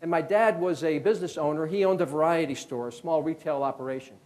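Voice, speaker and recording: A man around fifty from Connecticut, a former FBI agent giving a keynote talk as a lively storyteller who acts out the people in his anecdotes. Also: fairly high pitch, fast talker. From Connecticut, USA.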